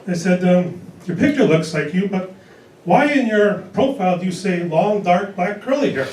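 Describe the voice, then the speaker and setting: A man in his early sixties performing a stand-up comedy set on a club stage, delivering dry one-liners in a deadpan way. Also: high voice, normal speed. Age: 60s. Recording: echoey club recorded from a distance. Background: audience laughter.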